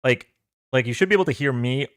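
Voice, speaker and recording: A man's voice: medium pitch, animated, fast talker, fairly bright tone, dry recording, clean studio sound. A young man hosting a live stream from home, chatting casually and greeting viewers by name in a loose, joking way. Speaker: livestream host.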